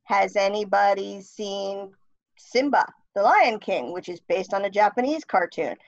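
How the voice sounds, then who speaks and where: A woman's voice: mid-range voice, unhurried, no echo. A woman guest author talking in a casual interview, blunt and wry. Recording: dry, dull lo-fi sound.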